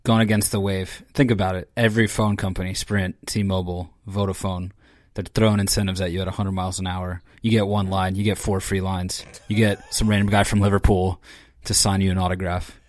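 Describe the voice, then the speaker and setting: A man's voice: deep voice, flat delivery, a little fast, no echo, clean studio sound. A man co-hosting a casual football podcast, joking in a mock-ranting, swearing way. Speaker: podcast co-host.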